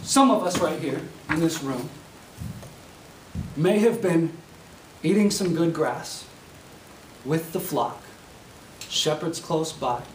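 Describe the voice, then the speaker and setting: Animated preacher in an echoey classroom. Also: male voice, on the high side, slow pace, long pauses. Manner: animated storytelling preacher, acts out voices. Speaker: preaching student. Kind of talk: sermon. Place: university classroom. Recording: echoey classroom, mic far off, faint hiss.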